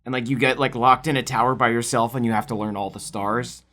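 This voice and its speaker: A man's voice: medium pitch, steady tone, fast, bright, forceful tone. Playful rambling young man. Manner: playful, rambling, laughs often. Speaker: co-host. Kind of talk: casual chat while drawing.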